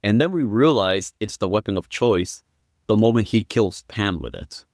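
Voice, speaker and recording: A man as a guest on a film podcast, explaining step by step and building up to excited quoted lines. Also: on the low side, normal speed, no echo, studio quality. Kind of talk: casual film review chat.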